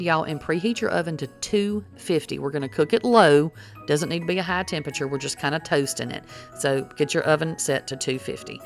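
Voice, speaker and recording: A middle-aged woman with a low voice talks viewers through a recipe in a chatty, folksy way, calling them y'all. Faint music plays quietly behind her. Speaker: cooking vlogger. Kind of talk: casual cooking demonstration.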